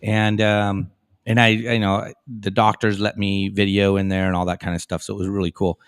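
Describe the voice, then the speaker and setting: A middle-aged man with a fairly low voice talks through a casual live-stream chat, rambling through his stories with plenty of fillers. The sound is close and dry, with no room echo. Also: level tone, normal speed, smooth. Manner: rambling, storytelling, with many fillers.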